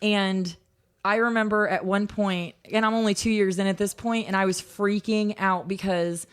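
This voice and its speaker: A woman in her thirties, a guest on a podcast, telling stories in a casual, animated way, with frequent laughs and lots of filler words. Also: mid-range voice, moderate pace, smooth. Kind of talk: casual storytelling interview.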